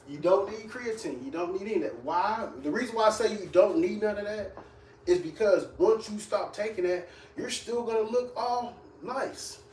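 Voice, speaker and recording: A blunt, profane man who trains people, mocking viewers as he reacts to comments, his voice sitting a bit high. He sounds set back from the mic in an echoey room, with a faint hiss underneath. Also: moderate pace, darkish tone, recorded from a distance. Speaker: fitness trainer.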